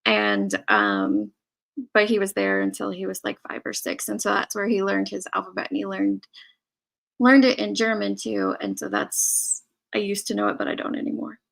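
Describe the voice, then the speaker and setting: A woman's voice: medium pitch, animated, moderate pace, gravelly. A woman hosting a casual online chat, talking in a giggly, chatty way. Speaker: host.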